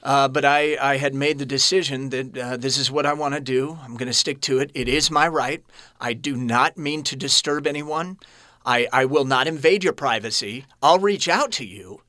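Bright-voiced earnest man telling his story. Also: medium pitch, no room sound. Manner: earnest and halting, many restarts. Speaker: podcast guest, adoptee. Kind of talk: personal storytelling in an interview.

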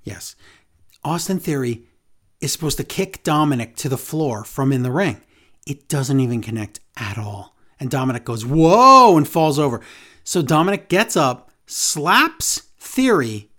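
A man's voice: mid-range voice, lively intonation, a little slow, a bit bright. A man co-hosting a podcast, recapping a show in casual chat, with sarcastic, exasperated asides. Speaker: podcast co-host.

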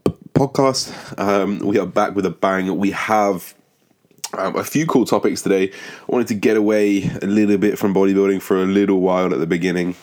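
A young man hosting his own podcast in a casual, rambling and profane way, with lots of ums and restarts and a flat, monotone delivery. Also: deep voice, normal speed. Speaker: podcast host. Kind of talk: casual solo podcast monologue.

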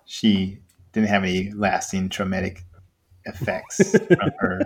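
A man telling an embarrassing story in casual podcast chat, animated and laughing often, with frequent restarts. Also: deep voice, takes it slowly. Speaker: podcast co-host.

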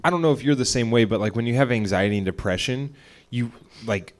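A man's voice: medium pitch, fast talker. A young man co-hosting a podcast, talking casually and rambling, swearing often as he retells a spat at home. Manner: rambling, profane, retells arguments with quoted voices. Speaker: podcast co-host. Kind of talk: casual chat.

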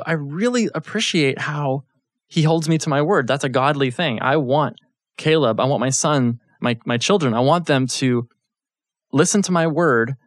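A man's voice: on the high side, no room sound, studio quality. A man in his thirties giving a casual Bible teaching, telling a family story and often checking in with his listeners. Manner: conversational, storytelling, frequent check-ins with listeners.

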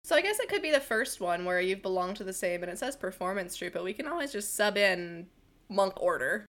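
A woman's voice: mid-range voice, sing-song, brisk, a bit bright. A woman hosting a casual chat, encouraging her guest and giggling often. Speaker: host.

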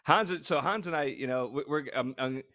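A man's voice: fairly high pitch, normal speed. Guy on a podcast telling funny stories, laughs a lot, trips over words. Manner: animated storytelling, laughing a lot, many restarts. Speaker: podcast co-host, former astronaut. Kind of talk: casual chat.

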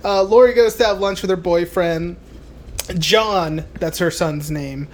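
A man's voice: high-pitched, a little slow, slight background noise. A man co-hosting a podcast, casually recapping a movie with lots of swearing and laughs, acting out the characters' lines. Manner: profane, laughing, acts out film dialogue in put-on voices. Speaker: podcast co-host.

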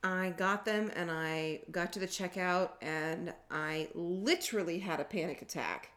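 A woman's voice: lowish voice, unhurried, fairly bright tone. A woman co-hosting a podcast, telling stories in casual chat and laughing easily. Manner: chatty storyteller, laughs easily. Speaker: podcast co-host.

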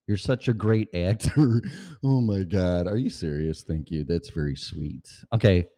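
A podcast host chatting casually and profanely during a sound check, rambling and often clearing his throat. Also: deep voice, sing-song, moderate pace, dark tone.

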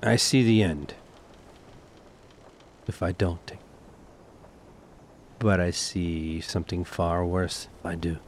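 A man voicing a grim young noble who is burdened and brooding, speaking low and measured in a tabletop game. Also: slight background noise. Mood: grave.

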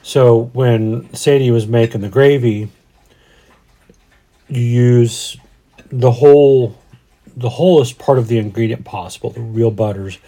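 A man's voice: medium pitch, measured pace, pauses often, dark tone. A man in his forties from Denver, co-hosting a casual podcast and talking in a rambling, reflective way with frequent restarts. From Denver, USA. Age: 40s. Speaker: podcast co-host. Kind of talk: casual chat.

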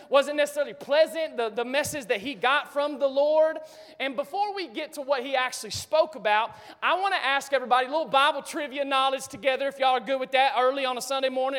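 A man preaching a sermon to his congregation, talking casually and with lots of energy, joking as he goes. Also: very high voice. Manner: energetic, casual, talks straight to the congregation and jokes. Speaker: pastor. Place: church sanctuary. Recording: reverberant hall.

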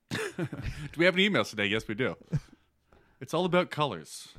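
A podcast co-host with a fairly high, sing-song voice speaks at a moderate pace. He's loud and profane, joking crudely, swearing, and laughing often throughout the comedic banter.

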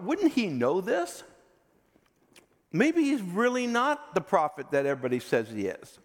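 A male preacher delivering a sermon at a slow, deliberate pace, his pitch rising and falling with animated swings. His slightly high voice hangs in the long reverb of a hall. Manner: expressive, emphatic, often drops to a quiet intense tone.

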